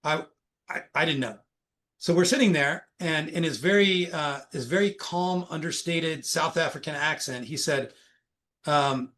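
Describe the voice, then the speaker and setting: Middle-aged male guest, recruiter type, a touch high-pitched, animated storyteller. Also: measured pace. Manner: animated, anecdotal retelling. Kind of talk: conversational storytelling.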